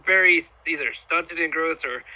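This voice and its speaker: A man playing a tabletop game, describing his character haltingly with many restarts. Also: a little high, heavy background noise. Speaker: player.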